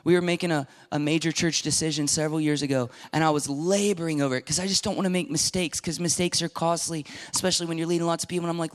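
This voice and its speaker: A middle-aged man preaching a sermon as pastor, emphatic and animated, acting out quoted voices and dropping at times to a whisper. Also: on the high side, very fast, few pauses.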